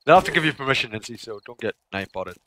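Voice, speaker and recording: A man's voice: mid-range voice, lively intonation, very fast, fairly bright tone, a little hiss or hum. Chatty, giggly streamer guy. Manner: chatty, laughs often. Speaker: game streamer. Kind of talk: casual livestream chat with viewers.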